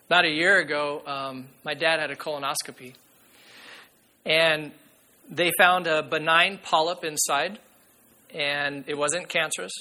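A man preaching a sermon as pastor, earnest and emphatic, sometimes dropping to a hushed voice. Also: on the high side, fairly even intonation, a little slow.

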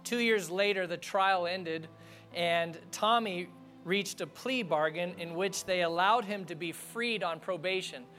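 Pastor guy preaching, kinda high voice, chatty and earnest, talks right to the crowd. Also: measured pace, sharp tone, soft background music. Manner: conversational and earnest, speaking to the congregation directly. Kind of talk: sermon.

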